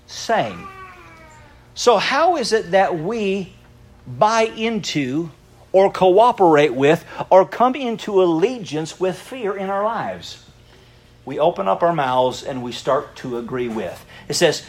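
A middle-aged man preaching a sermon as a pastor, telling stories in a lively way and laughing often. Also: high-pitched, a little slow.

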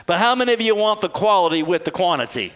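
Male pastor, high voice, preaching to a congregation, rhetorical questions. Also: very animated, quick pace, a bit bright. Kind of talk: sermon.

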